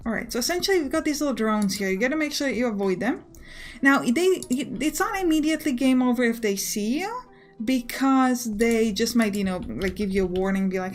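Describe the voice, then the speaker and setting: A woman's voice: a little high, lively intonation, a little fast, soft background music. A woman hosting a let's play, chatting casually and urging herself on with a self-mocking tone. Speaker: gaming video host.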